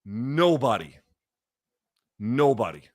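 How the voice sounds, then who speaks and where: A man hosting a live fight watchalong, going from loud excited outbursts to quiet, emotional reflection, with plenty of swearing. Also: mid-range voice, takes it slowly. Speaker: host. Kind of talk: live fight reaction commentary.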